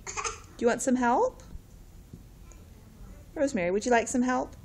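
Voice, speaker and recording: Sniffly mom talking to her toddler, sing-songy and slow, lively pitch, bit of hiss behind. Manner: slow, sing-song coaxing. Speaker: mother. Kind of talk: casual talk to a toddler.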